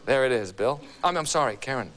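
A man's voice: mid-range voice, expressive, quick pace, low-quality recording. A man hosting a TV game show, upbeat and joking as he keeps the game moving. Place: TV studio with live audience. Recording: 1980s TV broadcast with loud audience and hiss.

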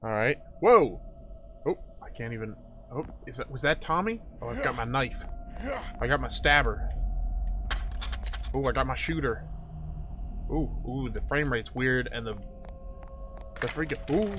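Male let's-play host, jumpy and exclaiming, lively and unhurried, game music underneath. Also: medium pitch. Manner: jumpy, exclaiming and laughing at scares. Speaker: gamer playing a horror shooter. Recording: game music playing behind.

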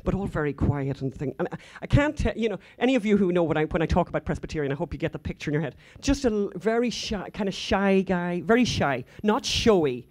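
A woman's voice: on the low side, lively intonation, fast, hardly any pauses, a little mellow. Irish woman on a conference stage: chatty storyteller, digresses freely with fillers. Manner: chatty, rambling, frequent asides and fillers. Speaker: conference speaker. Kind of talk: anecdotal conference talk.

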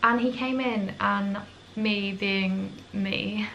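A woman's voice: medium pitch, steady tone, gravelly, bright, forceful tone, dull audio, a little hiss or hum. Chatty young British woman vlogging. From England. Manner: chatty, self-deprecating, quick asides. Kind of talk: casual vlog storytelling. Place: her apartment indoors. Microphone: compact camera mic.

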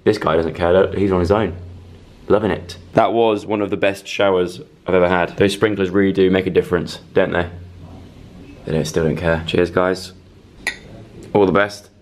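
A man's voice: deep voice, fairly even intonation, normal speed. A young man in his twenties vlogging a hotel suite tour on a handheld camera, chatty and joking, talking to the fish. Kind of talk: casual excited vlog tour.

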